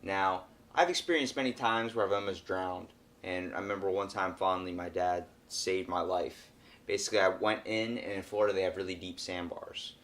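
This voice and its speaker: A young man hosting a casual podcast conversation, his voice sitting on the low side. He tells stories with animation and acts out the people in them, jumping between quoted voices. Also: fairly even intonation, normal speed, a bit bright. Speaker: podcast host. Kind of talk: casual chat.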